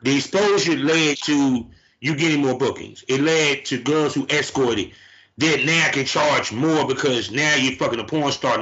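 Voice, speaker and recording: A man hosting a casual podcast chat, telling animated stories and circling back on his points. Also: medium pitch. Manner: animated storyteller who repeats "but see". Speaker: podcast host. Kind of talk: casual conversation. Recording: dull lo-fi recording.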